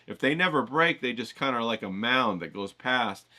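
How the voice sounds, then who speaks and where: Man, writing lesson host, swearing, emphatic, keeps checking in, animated pitch, sharp bright voice. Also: moderate pace. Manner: profane, emphatic, keeps asking "okay?". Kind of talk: casual lecture to camera.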